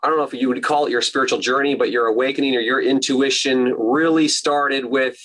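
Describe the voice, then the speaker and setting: A man's voice: mid-range voice, fairly even intonation, fairly quick, fairly bright tone, low-quality recording. Reflective middle-aged man hosting an interview. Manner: reflective, storytelling with many fillers. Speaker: podcast host. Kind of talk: relaxed interview conversation.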